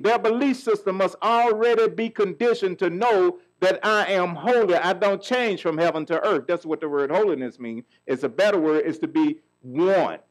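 In a rough recording, a middle-aged man with a high-pitched voice preaches as pastor at a normal pace with few pauses. He works call-and-response, putting questions to the congregation for them to answer.

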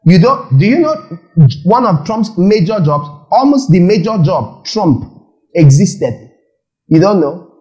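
A male preacher delivers an animated sermon, throwing rhetorical questions at his listeners. His voice sits a little high for a man, yet the tone is dark and mellow. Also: unhurried, dull audio.

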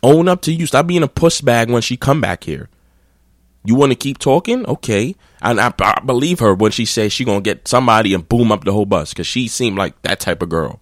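A man's voice: mid-range voice, expressive, brisk, no echo, studio quality. A man hosting his own podcast, telling a rambling, profane anecdote in a blunt, casual way. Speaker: podcast host. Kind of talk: casual storytelling.

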